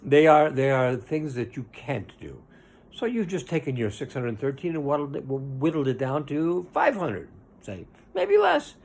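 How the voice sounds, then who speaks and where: A man's voice: mid-range voice, sing-song, vocal fry, a little mellow. A man giving an informal, earnest Torah lesson as a rabbi, talking conversationally and stretching out the words he stresses. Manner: earnest, conversational, drawn-out emphasis.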